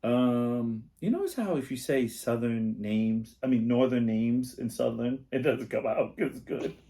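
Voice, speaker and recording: A man of middling pitch co-hosts a loose, comedic podcast chat. He trades crude puns and laughs readily while reading out odd facts. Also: a little slow, dark tone. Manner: jokey, laughs often, reads place names with crude puns. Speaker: podcast co-host.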